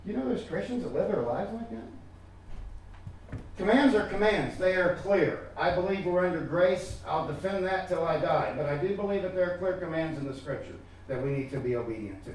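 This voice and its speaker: High-voiced man preaching in an echoey church. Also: animated, normal speed, slight background noise. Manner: emphatic, repeats words, addresses listeners directly. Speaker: pastor. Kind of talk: sermon. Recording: echoey room from far off.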